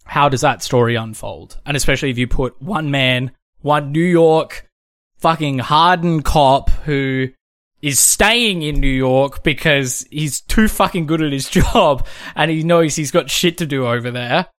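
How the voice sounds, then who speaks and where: A man's voice: mid-range voice, measured pace, a bit bright, no room sound, clean studio sound. A man co-hosting a casual film podcast, talking animatedly, swearing freely and laughing often. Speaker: podcast co-host.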